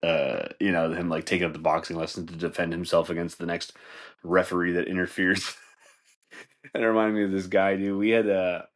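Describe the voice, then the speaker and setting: Comedy podcast host, male, lowish voice, loose profane rambling with laughs. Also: level tone, fairly quick. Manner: loose, profane, laughing, says dude a lot.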